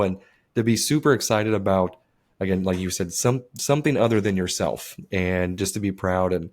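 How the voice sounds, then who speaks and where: Low-voiced man, wry and casual. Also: moderate pace, darkish tone. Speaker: podcast co-host. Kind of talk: casual chat.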